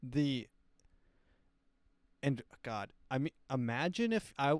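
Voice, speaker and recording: A man hosting a comedy podcast, rambling casually with lots of fillers and deadpan asides. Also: mid-range voice, slow pace, no echo. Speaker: podcast host.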